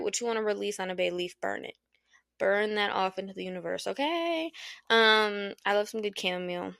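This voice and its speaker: A woman's voice: mid-range voice, creaky, a bit bright, dry recording, clean studio sound. A woman hosting a casual solo podcast from her apartment, talking frankly, swearing freely and laughing often. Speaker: podcast host. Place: at home in an apartment.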